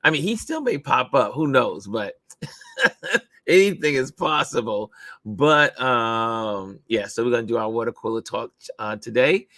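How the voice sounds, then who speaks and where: A man's voice: mid-range voice, animated, measured pace, bright, forceful tone, no echo. A man hosting a casual live stream, upbeat and chatty, laughing often as he greets viewers over a video call setup. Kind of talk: casual chat.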